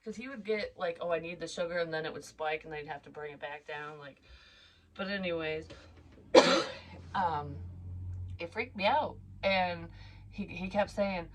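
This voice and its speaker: A woman's voice: fairly low pitch, normal speed, a little hiss or hum, low-quality recording. A young woman vlogging as a psychic medium, telling a story in a candid, rambling way and swearing freely. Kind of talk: casual storytelling monologue.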